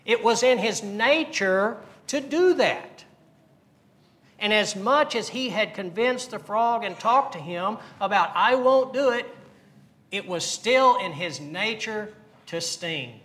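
A man delivering a sermon in a high, ringing voice. He speaks with earnest conviction, repeats his points and puts questions to the congregation. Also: expressive, takes it slowly, a bit bright. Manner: earnest preaching with rhetorical questions and repetition. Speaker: pastor.

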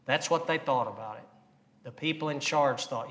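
A man's voice: mid-range voice, moderate pace, fairly bright tone. A man preaching a sermon, earnest and repetitive, asking the congregation questions. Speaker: pastor.

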